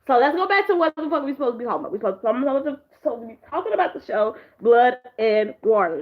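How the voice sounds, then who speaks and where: A woman's voice: on the high side, dull audio. A young woman chatting casually about shows she watched, swearing freely and acting out characters. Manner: animated, acts out characters in squeals, swears a lot. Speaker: vlogger reviewing shows. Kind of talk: casual chat, profane storytelling. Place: sitting in a chair at home.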